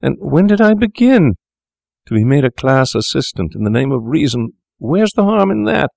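A man's voice: sing-song, rapid-fire, gravelly, warm tone, dry recording, clean studio sound. A man voicing a frightened young male medical student who pleads in a rising, strained voice. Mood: despairing. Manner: pleading, panicky, voice rising high.

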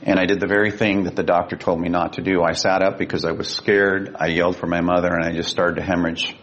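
A man with a gravelly voice, a guest telling a personal story in an earnest, vivid way. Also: level tone, fast, a bit bright. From Sacramento, California. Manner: earnest, vivid, emotional retelling. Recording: dull lo-fi with faint rumble.

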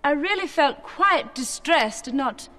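An actress playing a wicked sorceress with an old-fashioned, very posh English accent. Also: female voice, high voice, expressive, measured pace, bright, forceful tone, full character voice. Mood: arch. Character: grand, wicked fairy-tale sorceress.

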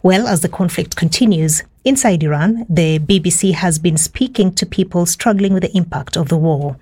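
A woman's voice: lowish voice, moderate pace, mellow, husky. A woman presenting a radio news programme, conversational with small fillers.

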